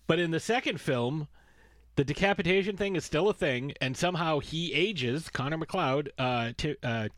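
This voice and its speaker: A man's voice: a little high, expressive, normal speed, a bit bright, no echo, studio quality. A man co-hosting a podcast in casual chat, rambling and sarcastic, swearing freely as he recaps a film series. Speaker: podcast co-host.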